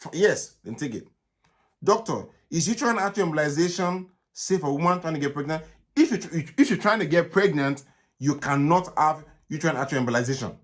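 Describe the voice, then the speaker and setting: A man with a Nigerian accent, a gynaecologist answering viewers' questions live in brisk, repetitive bursts, often checking "okay?". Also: fairly high pitch, animated. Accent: Nigerian English. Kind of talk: live Q&A stream.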